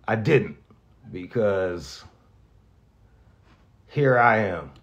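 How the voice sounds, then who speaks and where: The sound is lo-fi as a radio host delivers a casual farewell very slowly in a lowish, expressive voice. He rambles, curses a lot, restarts his sentences often, and becomes emotional, sometimes near tears.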